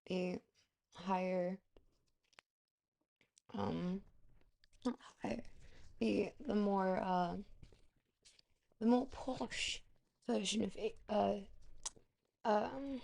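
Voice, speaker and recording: A woman's voice: mid-range voice, steady tone, drawn-out words, creaky, long pauses, warm tone. A woman streamer reading aloud and chatting with her viewers, hesitant and searching for words, with quaintly formal, theatrical phrasing. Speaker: livestreamer reading aloud to chat. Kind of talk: casual livestream chat and reading aloud.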